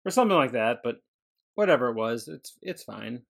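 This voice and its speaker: A man's voice: medium pitch, very animated, brisk, gravelly. An easygoing male podcast co-host with a mid-range voice. He talks in loose, casual chat and drops dry jokes as he goes. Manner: joking, laid-back commentary.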